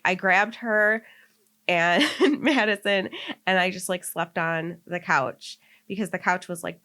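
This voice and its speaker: A woman's voice: fairly low pitch, sharp tone. A young woman on a podcast, telling a story in casual chat and rambling with constant filler words. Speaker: podcast co-host.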